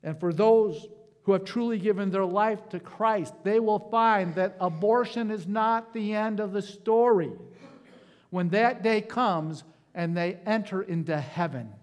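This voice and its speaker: A male pastor preaching a sermon, slow and emphatic, calling out for amens and closing in prayer. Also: high voice. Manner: slow, emphatic preaching with rising calls of amen.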